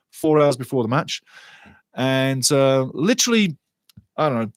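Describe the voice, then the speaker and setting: Man hosting a soccer stream, chatty and repetitive, middle pitch, dry sound. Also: no room sound. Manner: chatty, repeats words and phrases. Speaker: soccer show host. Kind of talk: casual live-stream commentary. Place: lives in Canada.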